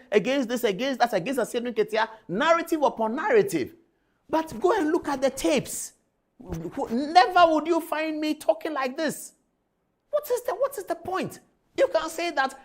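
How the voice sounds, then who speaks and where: A woman giving indignant political commentary, calling out people by name and repeating her points. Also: high-pitched. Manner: indignant, addressing people directly.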